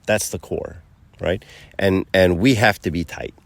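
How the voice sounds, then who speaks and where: Deep-voiced man giving a chatty talk. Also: a little slow, gravelly, no room sound. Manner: conversational, many fillers and asides like "right?"; tells stories by acting out quotes. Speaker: speaker giving a faith talk. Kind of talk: casual teaching talk to a group.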